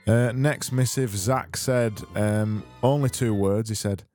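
A man's voice: fairly low pitch, fairly even intonation, slow, a little mellow, soft background music. A man hosting a casual solo podcast, rambling, self-mocking and sweary, on a close mic. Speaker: podcast host.

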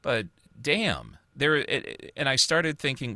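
A man's voice: medium pitch, huge pitch swings, normal speed, bright, forceful tone, no room sound. A man hosting a casual chat show, ranting about what to watch in a loose, profane way. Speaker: podcast host.

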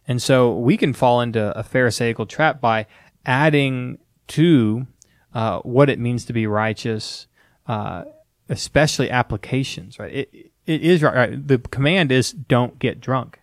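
Brief: male pastor, earnest and conversational, dry close recording, mid-pitched. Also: unhurried, dry recording. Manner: earnest, conversational, animated quoting. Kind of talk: casual teaching discussion.

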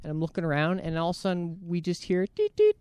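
A podcast co-host with a fairly high voice talks fast and smoothly, telling a crude story in casual conversation. He swears a lot and does the voices of the people involved, captured in a dry, clean studio recording.

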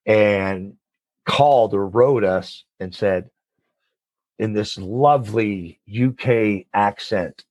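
A man talks as an interview guest in a low-pitched voice, animated and sermon-like, leaping high in pitch for emphasis. The recording is dry and close, with no room sound. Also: takes it slowly, no echo. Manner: animated, preacher-like call-and-response with sudden high jumps. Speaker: guest, nonprofit leader and coach. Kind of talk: enthusiastic interview talk.

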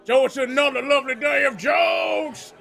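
Loud, gravelly doll sidekick played by a man, very high-pitched and cocky, for a tabletop game. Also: fairly even intonation, normal speed, a faint crowd, full character voice. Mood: brash. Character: brash wisecracking ventriloquist doll, male.

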